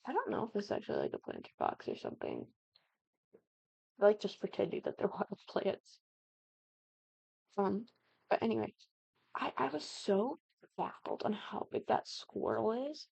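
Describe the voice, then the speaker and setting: Chatty young woman with a gravelly edge. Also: medium pitch, moderate pace, pauses often, no echo, dull audio. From American Midwest. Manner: chatty and animated, with excited exclamations. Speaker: game builder streaming a house build. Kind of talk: casual gaming commentary.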